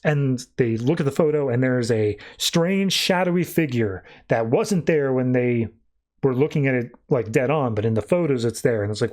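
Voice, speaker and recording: A young man hosts a podcast, recapping comics in a laid-back way. His medium-pitched voice is expressive, a little fast, and darkish in tone, and he uses lots of "like" and slips into quoted voices.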